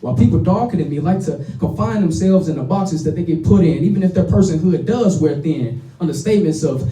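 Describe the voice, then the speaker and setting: A young man with a Chicago accent delivers spoken word poetry in a rhythmic, intense, blunt way. His voice sits a bit high but sounds very dark and mellow. It is heard from a distance in an echoey room. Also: lively intonation, fairly quick, hardly any pauses. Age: young adult. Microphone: stage microphone. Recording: roomy sound from a distant mic.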